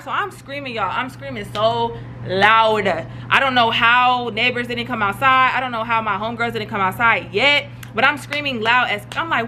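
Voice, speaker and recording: A young adult woman vlogger telling a storytime in an animated, slangy way, full of fillers. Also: a little high, moderate pace, slight background noise. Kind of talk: storytime vlog.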